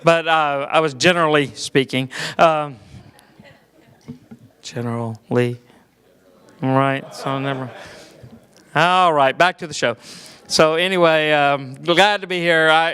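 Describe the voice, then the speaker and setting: A middle-aged comedian from Georgia with a Southern US accent tells clean stand-up stories in a church hall, his voice echoing in the room. His voice is on the high side, sharp yet smooth, a little slow with frequent pauses. His style is folksy and self-deprecating, with fillers.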